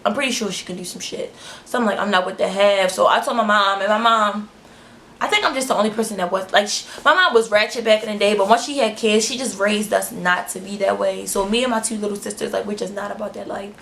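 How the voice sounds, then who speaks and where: A young woman vlogger telling a story in a blunt, frank way, full of slang and swearing. She talks at an ordinary middle pitch and acts out the people in the story with lively voices. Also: quick pace, creaky, slight background noise. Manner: animated, acting out the other people in the story. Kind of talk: storytime vlog.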